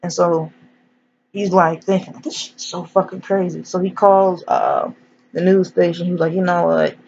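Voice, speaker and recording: Woman, casual profane movie reviewer who acts out scenes; gravelly, lo-fi recording with faint hiss. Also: lowish voice, flat delivery, normal speed, darkish tone. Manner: rambling, profane, acts out characters. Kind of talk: casual spoiler recap. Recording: dull lo-fi sound, faint hiss.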